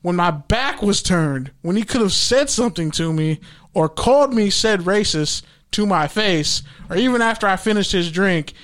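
A young man tells a work story in a loose, profane, animated way, slipping into the voices of the people he quotes. His voice sits a little higher than most men's. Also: normal speed. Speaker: podcast host. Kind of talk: casual storytelling.

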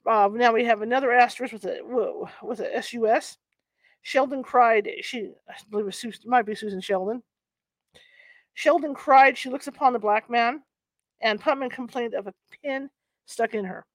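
Lady host reading an old book out loud, slightly high voice, chatty asides, trips over old words, dry close sound. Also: no echo. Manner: chatty asides between halting read-aloud passages. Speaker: host of a paranormal reading channel. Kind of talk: reading a historical book aloud.

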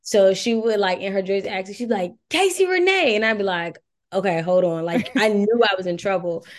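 A woman in a podcast interview, her voice at a middle pitch, recounting her path in an easy, chatty way. She laughs often as she talks. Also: quick pace. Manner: relaxed storytelling, laughs often. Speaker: guest, design agency owner. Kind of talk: casual interview chat.

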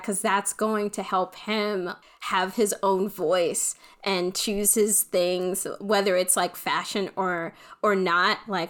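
A young woman telling a childhood story in casual chat, animated and laughing as she acts out quotes. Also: mid-range voice.

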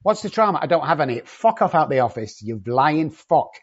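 Blunt, cussing man with a husky voice. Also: on the high side, sing-song, fairly quick, lo-fi sound. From not from England. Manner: profane, cocky and confrontational. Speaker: addiction treatment company owner. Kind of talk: blunt podcast conversation.

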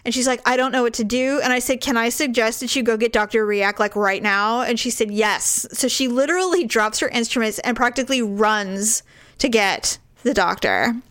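Laughing often, a woman spins a long story in casual conversation, animatedly acting out the quoted voices of the people in it. Her voice sits on the high side and she speaks at a moderate pace.

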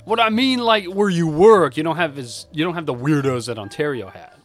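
A young man co-hosting a podcast, chatting casually and joking, quick to put on voices in his anecdotes. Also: fairly high pitch, expressive, soft background music. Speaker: podcast co-host. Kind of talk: casual chat.

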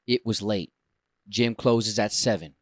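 A man co-hosting a podcast, telling a story in a dramatic, animated way with casual swearing, close to the mic. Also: fairly low pitch, a little slow, husky, no echo. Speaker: podcast co-host.

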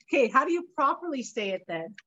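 A woman hosts a podcast in a loose, joking way, laughing readily and teasing her guest. Her voice is a little high for a woman, pushed and bright with the highs cut off, and she keeps things casual and playful throughout.

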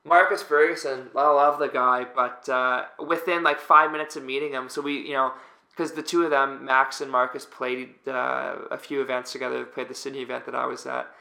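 Speaking fairly quickly with a flat delivery, a young man from Canada tells casual stories as a guest, rambling with fillers and restarting his sentences. He plays volleyball professionally. His voice is mid-range, gravelly, bright and forceful, and the room echoes.

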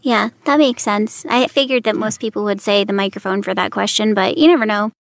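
A woman's voice: mid-range voice, fairly quick, creaky, no echo. A woman hosting an interview, asking friendly, curious questions in casual chat. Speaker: interview host.

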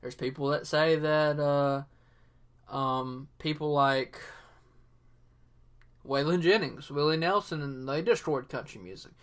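Southern male podcast host, casual and opinionated, slightly high, forceful tone. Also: a little slow, pauses often. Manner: rambling, filler-heavy, opinionated. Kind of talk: casual solo podcast talk.

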